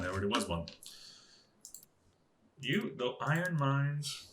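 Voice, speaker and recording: A man's voice: medium pitch, sing-song, slow, background noise. A man casually talking himself through a strategy game, musing aloud with puzzled asides. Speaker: gaming channel host.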